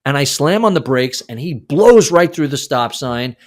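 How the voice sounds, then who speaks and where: Animated older man telling a story. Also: on the high side, moderate pace. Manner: animated, acts out quoted lines, swears casually. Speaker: podcast guest. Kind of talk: storytelling in a casual interview.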